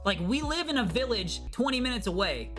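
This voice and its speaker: A guy doin his annoyed mom on a work call, swears a lot, bright punchy voice. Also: high-pitched, sing-song, a little fast, faint music behind, exaggerated voice. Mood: exasperated. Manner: blunt and profane. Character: exasperated mother on her work phone.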